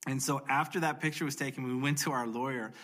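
A man sharing a personal faith testimony in an earnest, emotional way, speeding up and slowing down for emphasis. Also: mid-range voice, steady tone, a bit bright. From United States.

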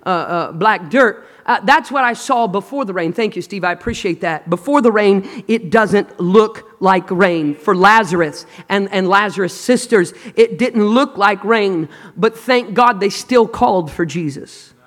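A male pastor with a strikingly high voice delivers a sermon in a large auditorium. He moves between emphatic declarations and quiet, hushed lines, and invites the congregation to answer him. A long hall reverb trails after each phrase. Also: measured pace, few pauses. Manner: emphatic, dramatic swings between loud and hushed, call and response.

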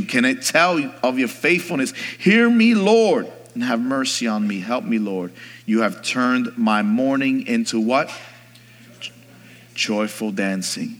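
Man, pastor, sermon, bright forceful voice, swings from hushed to shouting, long hall reverb. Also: medium pitch. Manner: swings from hushed to shouted, calls for congregation response.

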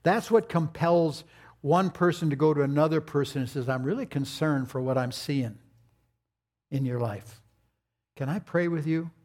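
A man's voice: fairly high pitch, moderate pace, darkish tone. An older man preaching a sermon, telling folksy family stories with playful asides. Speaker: pastor.

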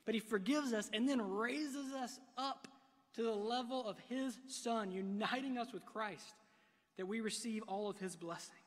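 High-voiced man preaching in a reverberant hall. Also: unhurried. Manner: dynamic preaching, swinging from hushed to loud. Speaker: pastor. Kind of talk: sermon. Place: church sanctuary. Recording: long reverb of a large hall.

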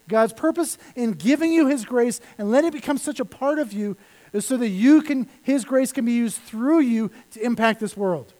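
A male pastor preaching a sermon, animated, with lines that fall to a hush. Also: extremely high pitch, poor audio. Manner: animated preaching that drops to soft, hushed lines.

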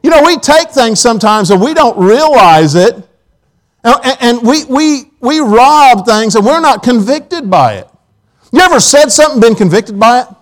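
A man's voice: very high-pitched, very animated, normal speed, poor audio. A man preaching a sermon in a church auditorium, telling folksy personal stories with quoted asides.

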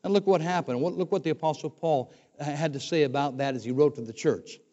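A man's voice: fairly high pitch, fairly quick, warm tone. An older man preaching a sermon as a former pastor, conversational and often restarting his words. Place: church sanctuary. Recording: dull recording with long hall reverb.

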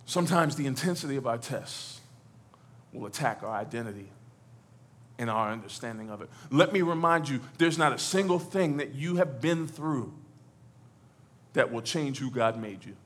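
A man preaching a lively sermon in church, swinging from near shouts to low, quiet lines, with stammered repeats and playful asides. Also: normal speed. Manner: animated, rises to shouts and drops low.

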